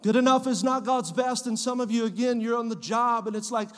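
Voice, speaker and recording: A man preaching a sermon as pastor of his church, repeating phrases and building to shouts. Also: very high voice, fairly even intonation, brisk. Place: church sanctuary. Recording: long hall reverb.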